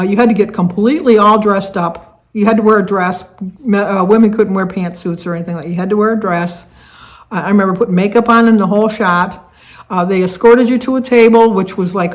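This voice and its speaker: Older lady from the detroit area rambling on her vlog, lots of ums and restarts. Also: medium pitch. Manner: rambling, chatty, many fillers and restarts. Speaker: vlogger hosting a tag video. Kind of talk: casual chat to camera.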